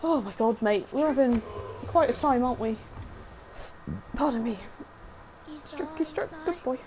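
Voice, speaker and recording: Young female streamer with a sore throat, excitable and swearing, high voice, noisy background. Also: a little slow. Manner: excitable, swears often, talks to the game creature. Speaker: game streamer. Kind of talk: let's-play commentary.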